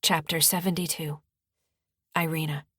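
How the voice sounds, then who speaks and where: A woman author narrating her own audiobook in the first person, with a steady storytelling delivery. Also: low voice, moderate pace, slightly rough, dry recording, studio quality.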